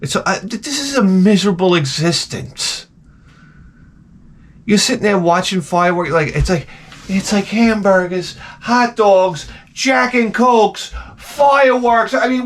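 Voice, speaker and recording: Man vlogging, rambling rant, profane, exasperated, swooping pitch, loud then muttering. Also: expressive, a little slow. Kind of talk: rambling ranting monologue.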